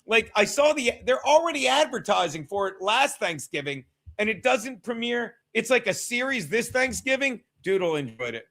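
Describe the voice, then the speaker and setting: A man with a fairly high voice hosts a casual live stream of a football game. He talks straight to his chat, laughing, swearing and now and then yelling at a viewer. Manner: loud, swears freely, shouts at chat, laughs often.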